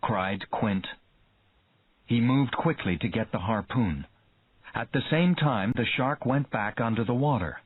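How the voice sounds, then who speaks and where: Male narrator, slow and expressive, for a learner's reader; dry, tinny audio. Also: mid-range voice, slightly rough, no echo. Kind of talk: scripted story narration. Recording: tinny phone-like dry sound.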